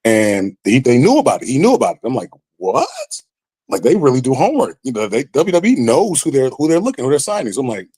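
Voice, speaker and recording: A man telling a story on a podcast in a casual, animated way, with lively acted-out quotes. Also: medium pitch, fast, few pauses, breathy edge, dry recording. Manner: animated, acts out quoted voices. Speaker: podcast guest.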